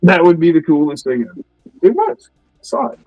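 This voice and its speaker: A man chatting casually on a livestream, laid-back and swearing, acting out quotes in a high voice. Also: quick pace, a little mellow, dry recording, muffled recording, faint music behind. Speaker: co-host.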